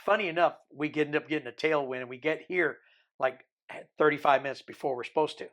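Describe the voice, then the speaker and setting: A man in his sixties, a podcast guest, telling a long story in a lively way and acting out the people he quotes. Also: a little high, quick pace. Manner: animated storyteller who mimics the people he quotes.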